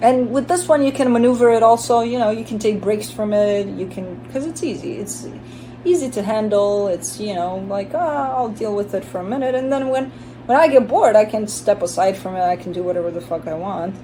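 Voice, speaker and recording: A woman talks through a tarot spread in a loose, chatty way, blunt and unafraid to swear. Her voice is warm and mellow rather than bright. A faint hiss sits under the recording. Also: medium pitch, fairly quick, low-quality recording. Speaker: tarot reader. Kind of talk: casual tarot reading monologue.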